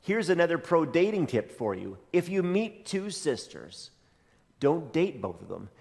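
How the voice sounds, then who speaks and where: In a church sanctuary with long hall reverb, a pastor with a slightly high, very animated voice preaches at normal speed. He tells a story conversationally, slipping in dry jokes.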